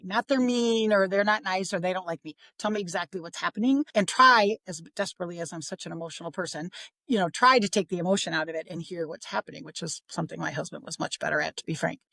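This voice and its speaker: Chatty, expressive middle-aged woman. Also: medium pitch, no room sound. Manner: chatty, expressive, acts out quoted voices. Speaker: guest on parenting podcast. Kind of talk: casual podcast conversation.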